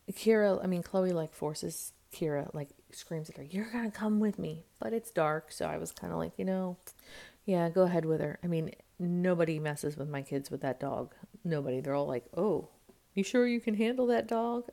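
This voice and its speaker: A woman in her thirties, a mother chatting to her camera at home, rambling through a family story and acting out what people said. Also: vocal fry. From United States. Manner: rambling storytelling, acts out quotes with jumps in pitch and loudness. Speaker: vlogger and mother. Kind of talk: casual chat to camera. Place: at home, indoors. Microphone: camera mic.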